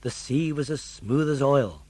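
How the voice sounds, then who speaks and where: An older man narrating a children's story in an expressive, animated way. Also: mid-range voice, a little slow, slightly rough. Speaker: audiobook narrator.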